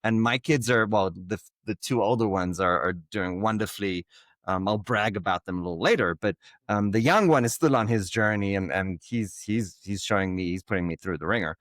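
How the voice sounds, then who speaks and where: Reflective middle-aged host, lowish voice. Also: male voice, fairly bright tone, no echo, studio quality. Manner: reflective, halting, searching for words. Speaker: podcast host. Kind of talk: interview conversation.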